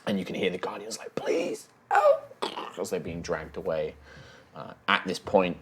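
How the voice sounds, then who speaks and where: A man's voice: low voice, steady tone, a little fast, a bit bright, slight background noise. A man narrating a fantasy tabletop game as dungeon master, describing scenes vividly with some fillers.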